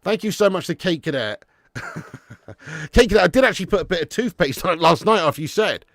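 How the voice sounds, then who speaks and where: Gravelly man streaming from his garage. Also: high voice, animated, fast, fairly bright tone, no echo, clean studio sound. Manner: casual, swearing, chatting with viewers. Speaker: football watch-along streamer. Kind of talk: live football watch-along chat. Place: home garage used as storage room.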